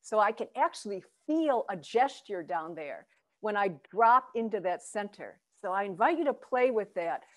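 Guiding students through a Zen chanting session on a video call, a woman offers encouragement and soft laughs. She models chants and deep vowel sounds from the belly, speaking expressively at an ordinary speed.

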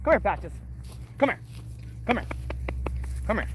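A man livestreaming outdoors while walking his dogs, casually chatting with viewers and swearing freely in an excitable way. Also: sits high, a little slow, a little hiss or hum. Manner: profane, excitable, greets chat viewers. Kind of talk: casual live stream chat.

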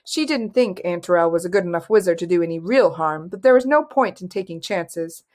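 A woman narrating a fantasy novel as an audiobook reader, in an even, measured way. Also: fairly low pitch.

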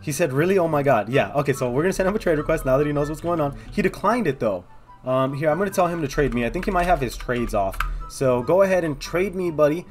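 A young man giving excitable, casual commentary on his own gameplay, thinking aloud and talking straight to his viewers. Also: on the high side, fast talker, faint music behind. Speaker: gaming video host.

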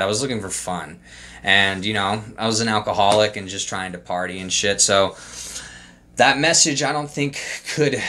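Young male vlogger, low-ish bright voice, rambling and profane, trip-report storytelling. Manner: loose, profane storytelling with lots of fillers. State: emotional, holding back tears. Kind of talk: casual trip report monologue.

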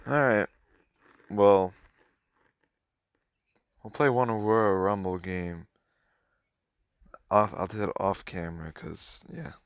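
Taking it slowly with long pauses, a man in a very deep, low, smooth voice gives casual, conversational commentary on a mobile card game, muttering in an offhand way. The audio is close and dry, without any room sound.

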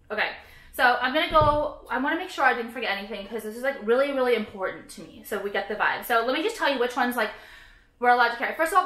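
A woman's voice: a little high, sharp tone, roomy sound. A woman vlogging casually, ranting about products with heavy swearing, sarcasm and lots of "like". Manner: profane, sarcastic, frequent "like".

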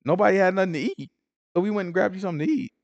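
Male bible teacher, slangy storyteller voice, fairly high, dry close sound. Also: rapid-fire, gravelly, dry recording, lo-fi sound. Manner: animated storytelling, acts out characters in street slang. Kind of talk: casual Bible study teaching.

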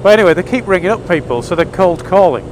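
A motorcycle vlogger rides outdoors, telling a story in a casual monologue with a wry, somewhat exasperated tone. His voice is high and lively, he talks fast, and the background is noisy.

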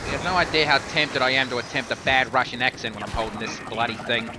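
A man's voice: mid-range voice, steady tone, fast, heavy background noise. A man playing along on a game stream, joking dryly and swearing casually. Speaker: co-player on stream.

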